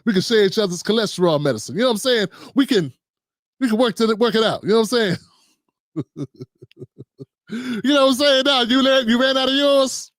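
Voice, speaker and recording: A man's voice: very high-pitched, a little fast, long pauses, fairly bright tone, dry recording, studio quality. A middle-aged man hosting a casual political talk show, riffing loosely and playfully with slang and asides to his audience. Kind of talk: casual livestream commentary.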